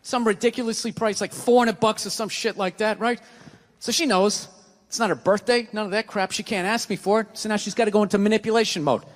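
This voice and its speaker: A man's voice: high voice, fairly even intonation, brisk. A middle-aged man doing stand-up, telling a profane, self-mocking story in a ranting style. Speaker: stand-up comedian. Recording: long hall reverb, faint noise.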